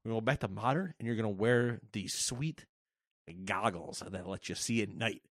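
A man's voice: on the low side, normal speed, no room sound, studio quality. A man co-hosting a casual gaming chat, ranting and swearing for laughs in a mock-executive bit. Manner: animated, profane, mock-ranting. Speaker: podcast co-host. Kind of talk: casual comedic chat about games.

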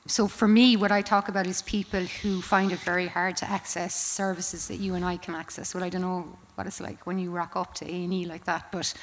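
A woman with a Cork accent talks as an interview guest. She explains her work in a measured, careful way as a psychology lecturer. Her voice carries a long, hall-like reverb. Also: on the low side, flat delivery, a little hiss or hum. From County Clare, Ireland.

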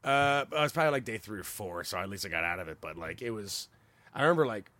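A man chatting casually on a podcast, telling a story with animated delivery, swearing freely and laughing as he goes. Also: on the low side, fast talker, no echo.

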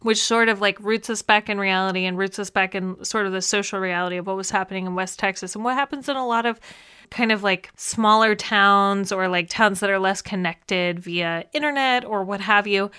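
A woman co-hosts a casual film podcast, talking in a bright, crisp voice. She rambles comfortably with lots of fillers and laughs easily along the way. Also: medium pitch, fairly quick. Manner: chatty, laughs often, many fillers. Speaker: podcast co-host.

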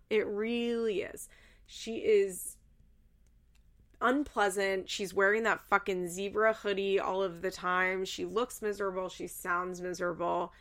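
A woman's voice: medium pitch, fairly bright tone. A woman host chatting casually in a recap, chatty and loose with fillers and the odd swear word.

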